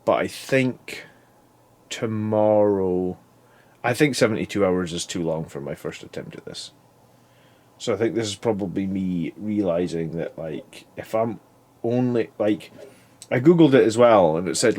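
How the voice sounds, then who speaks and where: A man in his thirties recording a casual video diary while worn out and foggy from fasting, rambling and often restarting his sentences. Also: on the low side, expressive, a little mellow. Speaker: YouTube channel host.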